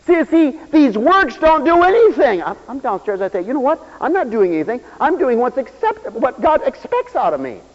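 This is a man preaching a sermon in a high, lively voice. He leaps between loud exclamations and quiet asides and acts out the people he quotes. The sound is a dull, lo-fi radio recording with long hall reverb. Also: fairly quick, few pauses.

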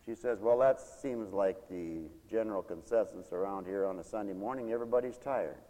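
A man's voice: fairly low pitch, brisk, mellow, long reverb tail. A man preaching a folksy sermon, acting out the people he quotes.

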